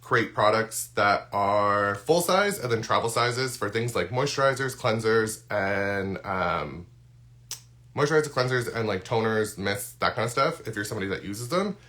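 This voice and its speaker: Hoarse man chatting through an unboxing. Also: fairly low pitch, lively intonation, moderate pace, pushed and bright. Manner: casual, rambling, many ums and restarts. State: hoarse, losing his voice. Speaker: skincare content creator. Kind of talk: live-stream unboxing chat.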